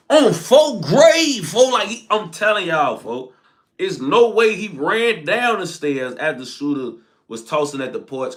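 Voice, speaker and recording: A young man telling a story in casual street slang, animated and quick to laugh, tagging his sentences with "folks" and "bro.". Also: high-pitched. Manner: animated slang-heavy recounting, frequent "folks" tags. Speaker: storyteller host.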